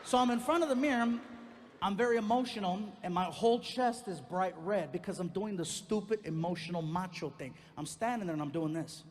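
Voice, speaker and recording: A man's voice: brisk, a little hiss or hum. A middle-aged man doing stand-up storytelling on a comedy club stage, acting out the voices of people in his story. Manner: animated, acts out quotes with big pitch jumps.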